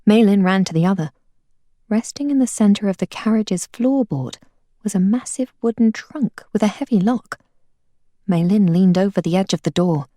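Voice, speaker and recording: With a mid-range voice at a normal pace, a woman narrates an audiobook in a vivid storytelling style. The audio is clean studio sound, free of any room echo.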